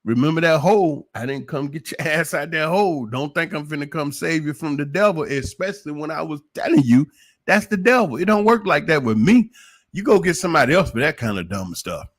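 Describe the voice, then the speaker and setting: This livestream commentator has a voice on the high side and talks in a brisk, animated way. His monologue is opinionated, preachy and emphatic, peppered with rhetorical questions.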